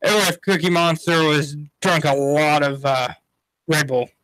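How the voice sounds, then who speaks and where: Male sports radio co-host, bright and quick, dry close mic. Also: fairly high pitch, fairly even intonation, smooth, no echo, low-quality recording. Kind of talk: casual sports chat.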